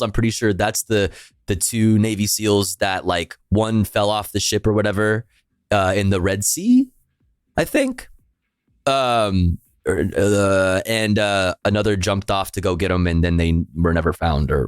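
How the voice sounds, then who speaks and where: A man's voice: sits low, moderate pace, smooth, no room sound, clean studio sound. A man streaming live, reacting to a speech with sarcastic, profane, incredulous commentary and frequent laughter.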